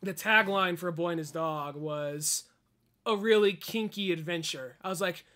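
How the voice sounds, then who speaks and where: A young podcast co-host with a high, bright voice. He stumbles over his words, corrects himself, and slips in crude jokes in a relaxed chat. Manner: halting, self-correcting, mumbles asides, cracks crude jokes. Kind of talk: casual chat.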